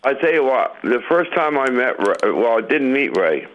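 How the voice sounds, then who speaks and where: A male caller on the phone, telling a story in an animated way and acting out quotes. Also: medium pitch, normal speed. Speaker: caller, musician. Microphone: phone line. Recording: muffled phone line.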